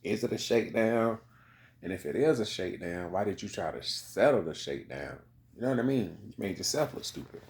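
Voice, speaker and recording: A man's voice: fairly low pitch, lively intonation, brisk, gravelly, a little mellow. A man giving a rambling, casual commentary monologue, full of profanity and repeated "you know what I mean" asides.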